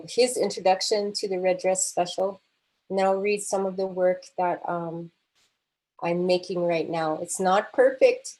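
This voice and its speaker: A woman poet speaking on a video call, soft and halting, full of pauses and fillers, openly emotional as she talks. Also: mid-range voice, rough recording. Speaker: guest poet. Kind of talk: unscripted remarks on a video call.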